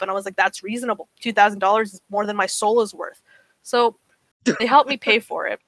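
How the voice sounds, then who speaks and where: A young woman co-hosting a chat podcast, her voice bright and clear, pitched a little high. She tells stories in an animated, profane way, acting out every line people said to her. The sound is dry and close. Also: normal speed, dry recording. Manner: profane, animated storytelling, acts out quotes. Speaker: podcast co-host. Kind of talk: casual chat.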